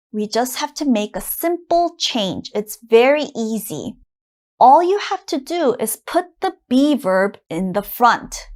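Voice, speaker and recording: Slow, clear woman teaching English. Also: a little high. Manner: slow, clear, exaggerated example sentences. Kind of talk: beginner grammar lesson.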